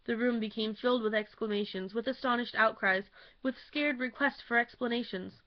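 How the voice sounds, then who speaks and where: A woman reads a classic novel aloud with theatrical, expressive storytelling. Her voice sits a little high, and the home webcam recording sounds dull and lo-fi. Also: normal speed. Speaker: audiobook reader.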